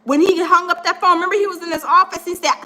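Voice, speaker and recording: High-voiced animated woman host. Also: quick pace. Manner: animated, chatty, reads viewer comments aloud; acts out quoted people in different voices. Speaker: livestream host. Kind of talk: casual commentary chat.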